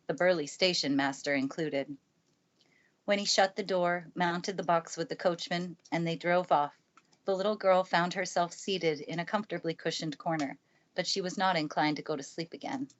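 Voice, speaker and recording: A woman calmly reading a classic storybook aloud in a steady storytelling manner, recorded in a family room by the fire. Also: lowish voice, lo-fi sound. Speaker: narrator. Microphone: good studio mic.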